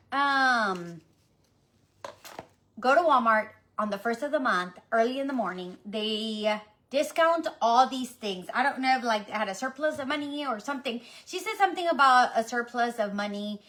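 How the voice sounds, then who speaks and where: Chatty mother telling a story, somewhat high voice. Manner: chatty, animated, addresses viewers as y'all. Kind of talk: casual storytelling.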